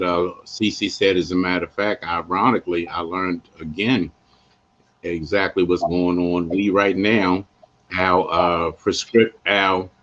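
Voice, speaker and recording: A man hosting a live podcast, talking in a playful, animated way with lots of asides to his listeners. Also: low voice, lo-fi sound. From West Baltimore, USA. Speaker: podcast host.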